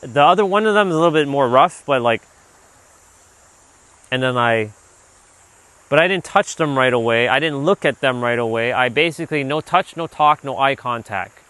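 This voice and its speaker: A man hosting a livestream while out on a walk, talking loosely and casually, filling his talk with "like" and now and then letting a swear slip when he gets animated. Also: medium pitch, moderate pace, pauses often, clear, resonant tone, no echo. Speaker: livestream host, self-improvement speaker. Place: outdoors on a walk. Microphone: handheld gimbal rig.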